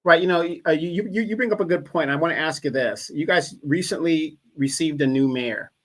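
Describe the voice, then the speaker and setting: A man, a guest in a casual political discussion, speaking in a measured way while he searches for words. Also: a little high. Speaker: guest commentator.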